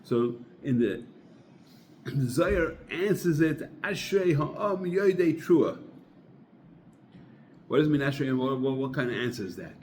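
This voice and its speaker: Informal Torah teacher, male, mid-pitched, chatty storyteller, faint background hiss. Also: lively intonation, moderate pace, a little mellow. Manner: conversational storyteller, sprinkles religious terms. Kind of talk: informal Torah talk with parable.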